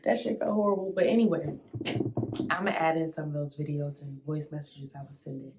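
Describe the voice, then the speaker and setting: A young woman vlogger casually telling a dramatic storytime, full of slang, sudden squeals and loud outbursts. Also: deep voice, steady tone, brisk, a little hiss or hum.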